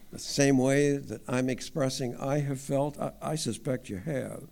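A man's voice: medium pitch, unhurried, vocal fry, hardly any pauses, darkish tone. A man teaching the Bible as a layman, talking in a conversational way with wry asides. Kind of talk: informal Bible teaching talk.

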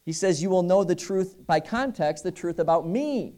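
A male pastor delivers an earnest sermon, surging up in pitch and force to drive home each point before dropping back. His voice sits a little high for a man yet sounds mellow and warm. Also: animated, normal speed, few pauses. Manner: earnest, emphatic preaching with rising bursts of intensity and rhetorical questions.

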